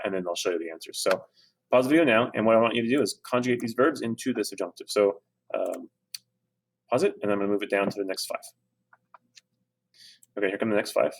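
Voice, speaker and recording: Relaxed, low-voiced man teaching. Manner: relaxed, conversational, with fillers and self-corrections. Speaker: Spanish teacher. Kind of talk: screen-recorded grammar lesson.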